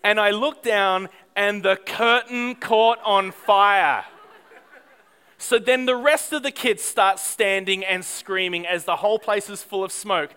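High, bright-voiced male preacher. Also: a little slow, smooth. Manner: animated, self-deprecating storytelling with frequent restarts. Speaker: pastor. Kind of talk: sermon storytelling.

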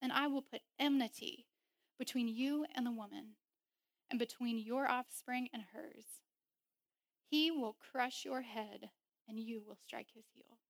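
A young woman preaching a sermon, animated and laughing often as she acts out voices in quotes. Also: a little high, a little slow, no echo, clean studio sound.

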